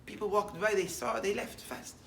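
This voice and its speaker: A man's voice: high voice, normal speed, fairly bright tone, reverberant, recorded from a distance, slight background noise. A man giving a short morning sermon as a rabbi, telling a story in English with many Hebrew terms and building up to emphatic declarations.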